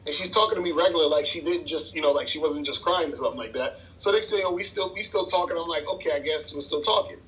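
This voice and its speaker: A man's voice: a little high, fast, hardly any pauses, a bit bright, low-quality recording. A man, telling a dating story in casual chat, loose and rambling, laughing often. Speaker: podcast guest, dating coach.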